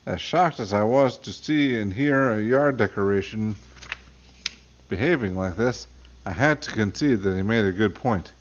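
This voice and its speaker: A man co-hosting a podcast who reads a story aloud, with a wry, deadpan sense of humor. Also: on the low side, normal speed. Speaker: podcast co-host and reader. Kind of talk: casual chat and story reading. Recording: dull lo-fi sound.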